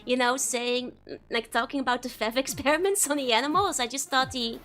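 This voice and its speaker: A woman streamer on a casual livestream reads a game's text out loud in a high, brisk, fairly bright voice. She's giggly and chatty throughout, often breaking into laughter between lines.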